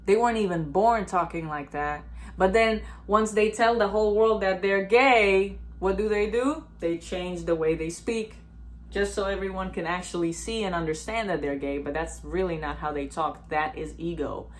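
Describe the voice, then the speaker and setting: A woman's voice: on the low side, normal speed. A woman vlogger giving a blunt, profane, emphatic self-help monologue.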